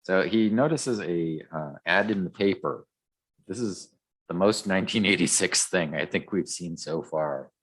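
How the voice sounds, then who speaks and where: Deep-voiced podcast guy rambling thru a comic recap, lots of ums. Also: a little slow, fairly bright tone, slightly rough. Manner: rambling, many ums and restarts. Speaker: podcast co-host. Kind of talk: casual chat recapping a comic. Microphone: podcast microphone.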